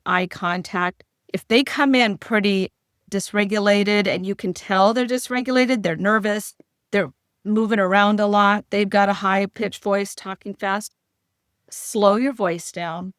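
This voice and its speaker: A woman guest on a podcast, calmly giving practical workplace advice. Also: medium pitch, clear, resonant tone, no echo, clean studio sound. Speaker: podcast guest, leadership expert. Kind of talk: advice-giving interview talk.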